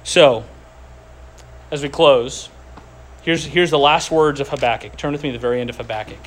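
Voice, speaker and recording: A man preaching a sermon as pastor, earnest, slowing down to stress key words, speaking to a group seated at tables. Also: mid-range voice, a little hiss or hum. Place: room with tables, group gathering.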